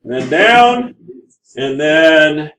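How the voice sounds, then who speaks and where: A man on the high side draws out his words as he teaches math, though the audio is poor. Animated and engaged, he talks through graphs in a classroom lecture and keeps asking the class for checks.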